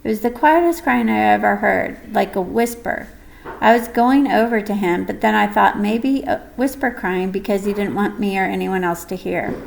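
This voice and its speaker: A woman reading a first-person audiobook story in a gentle, measured way. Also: mid-range voice, creaky, rough recording. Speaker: audiobook narrator.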